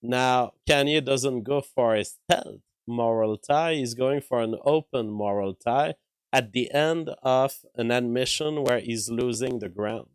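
A man's voice: mid-range voice, a little slow, smooth, no room sound, rough recording. Dry-voiced male stream commentator. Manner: analytical, thinks aloud with fillers and restarts. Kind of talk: live-stream commentary on an interview clip. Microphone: own mic with a compressor.

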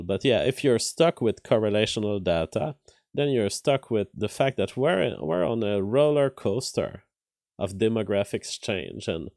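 A man's voice: lowish voice, creaky, a little mellow, no echo. Dry, close-miked male stream commentator. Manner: conversational, thinks aloud with restarts and filler words; reads news headlines aloud, then comments on them. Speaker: live-stream commentary host. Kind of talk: casual political and news commentary.

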